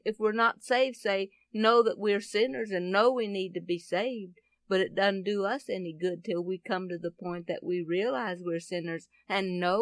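A woman telling a Bible story expressively, with dramatic swings of pitch and loudness. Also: no room sound, clean studio sound.

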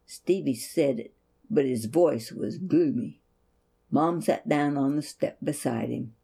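A woman reading a Christian children's story aloud in an expressive storytelling manner. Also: sits low, slow, creaky, slightly rough.

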